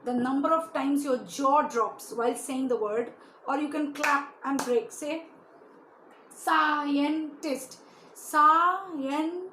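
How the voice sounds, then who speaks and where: Woman teacher, high voice, echoey room with faint hiss, keeps quizzing the kids. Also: a little slow. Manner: asks pupils many questions, often adds "you know". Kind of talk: classroom lesson for children.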